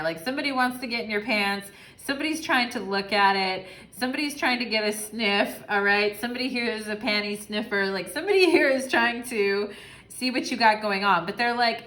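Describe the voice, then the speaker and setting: A young woman doing a casual pick-a-card tarot reading, chatty and sassy, with frequent cursing, who acts out quick little voices. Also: medium pitch, fairly bright tone. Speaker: tarot reader.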